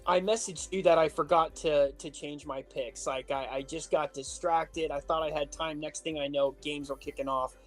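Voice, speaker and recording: A man's voice: fairly high pitch, normal speed, few pauses, soft background music. A man co-hosting a casual podcast chat, telling a story with lots of swearing. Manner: animated storytelling, heavy swearing. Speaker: podcast co-host.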